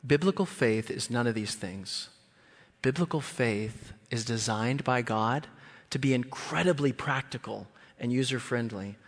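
A man preaching a sermon as a guest speaker, animated and lively, often acting out voices. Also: a little slow. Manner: animated, acts out quoted voices with big pitch jumps. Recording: long hall reverb.

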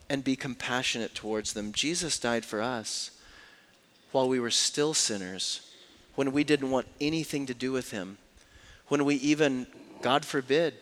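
A man preaching a sermon as a pastor, swinging between hushed, slow lines and loud, raised passages. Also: mid-range voice.

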